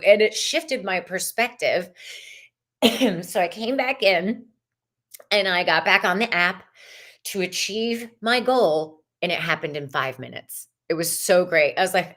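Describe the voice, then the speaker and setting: A woman runs a live tarot reading in an easy, unhurried way. She chats freely, greets viewers by name and laughs often between the cards. Her voice sits at a middle pitch. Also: expressive, a bit bright. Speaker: tarot reader hosting a live stream.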